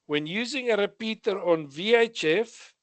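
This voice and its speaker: Slow-speaking South African male instructor. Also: sits high, expressive, dry recording. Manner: reads questions then gives answers with asides. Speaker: radio exam instructor. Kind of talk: exam revision lesson.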